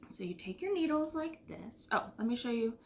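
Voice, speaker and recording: A woman's voice: on the high side, sing-song, normal speed. A middle-aged woman from the United States hosting her knitting podcast in a rambling, casual chat full of fillers and sighs. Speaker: podcast host.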